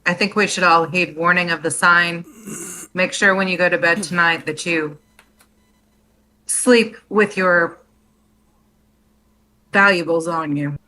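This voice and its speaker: A woman's voice: on the low side, steady tone, takes it slowly, long pauses, pushed and bright, slight background noise, rough recording. A woman playing a tabletop game, talking in an easygoing, jokey drawl over a voice chat mic. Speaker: player. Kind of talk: casual tabletop game play.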